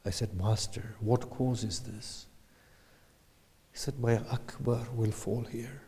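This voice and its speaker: Slow-speaking man preaching, hall reverb. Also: mid-range voice, fairly even intonation. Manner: slow, shifting from hushed whispers to loud anguished cries. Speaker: lecturer. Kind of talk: sermon retelling a tragic narrative.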